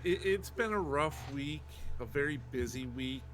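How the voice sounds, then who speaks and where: A man co-hosting a podcast over a video call, trading dry, deadpan banter in casual chat. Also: a little high, normal speed, crowd noise. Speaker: podcast co-host.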